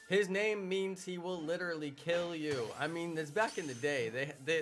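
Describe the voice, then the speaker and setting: A man's voice: medium pitch, measured pace, pushed and bright. A man in his thirties giving chatty, playful live-stream commentary while he plays a game and jokes with his viewers. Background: game music.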